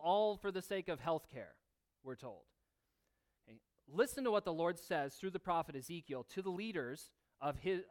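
A man preaching a sermon, earnestly reading scripture aloud and drawing on everyday examples. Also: fairly high pitch. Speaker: pastor.

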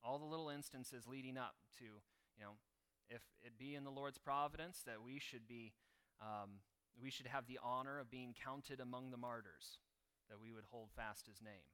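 A man delivering a sermon to his church in a relaxed, conversational way, stopping on fillers as he goes. His voice is bright and clear, and he sits at an average pitch for a man. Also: moderate pace. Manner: conversational preaching, reading a martyr account aloud. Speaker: pastor.

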